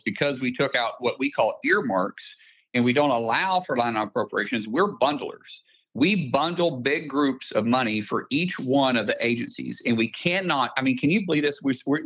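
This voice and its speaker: A man's voice: mid-range voice, a bit bright, slightly rough, low-quality recording. Emphatic man with an Oklahoma accent. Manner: emphatic, piles up explanations. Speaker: senator, guest. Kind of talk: casual radio interview.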